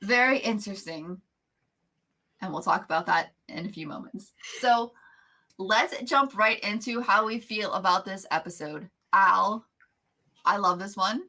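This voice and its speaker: A woman's voice: medium pitch, measured pace, sharp tone. A woman hosting a casual podcast, chatty and upbeat, introducing her co-hosts and recapping an episode. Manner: upbeat, chatty, laughs easily. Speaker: podcast host.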